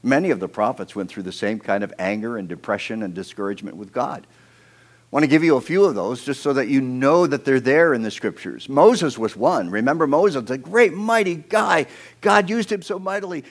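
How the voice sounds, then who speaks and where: A man's voice: mid-range voice, lively intonation, moderate pace. A man preaching a sermon outdoors, telling scripture stories dramatically and acting out quoted speakers, with playful asides. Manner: dramatic storytelling, acting out quoted speakers with big swings in loudness. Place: outdoors near a creek.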